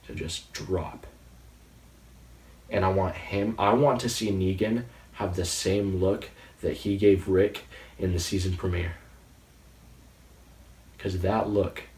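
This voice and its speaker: A man in his late teens giving a casual, excitable, rambling review of a TV episode. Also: on the low side. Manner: excitable, rambling, with frequent restarts. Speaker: movie reviewer. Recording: roomy sound, distant from the mic.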